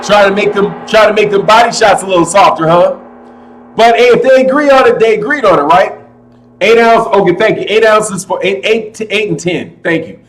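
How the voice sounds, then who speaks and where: A man hosting a casual boxing livestream, talking loudly and with a lot of energy, his voice pitched a bit high for a man. He keeps calling his listeners "man" and "brother" as he reads their chat. A slight echo sits on his computer mic. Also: brisk. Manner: loud, animated, says "man" and "brother" a lot. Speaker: boxing channel host.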